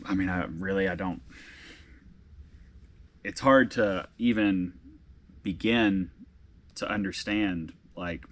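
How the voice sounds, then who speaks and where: A balding man in his thirties, low-voiced and emotional. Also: fairly bright tone. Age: 30s. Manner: emotional, halting, with frequent restarts and fillers. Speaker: vlog host and tattoo artist. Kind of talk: casual vlog talk reading messages aloud.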